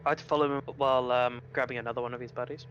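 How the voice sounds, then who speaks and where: A man with a bright, sharp voice plays a tabletop game. He states his moves flatly and holds his ground in arguments. Faint music runs behind him. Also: medium pitch, fast talker, lo-fi sound. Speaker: player. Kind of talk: casual game table banter.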